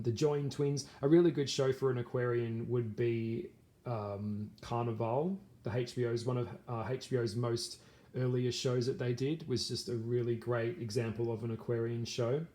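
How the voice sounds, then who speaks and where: Rambling man with a middle-pitched voice. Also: dark tone. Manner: rambling, with many fillers and restarts. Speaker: vlogger. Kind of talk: casual talk to camera.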